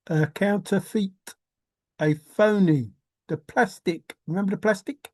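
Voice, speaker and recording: Slow, mellow older woman musing aloud. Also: mid-range voice, no room sound. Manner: repeats words in singsong, hums and laughs to herself. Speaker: treasure hunt vlogger. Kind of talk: rambling musing monologue.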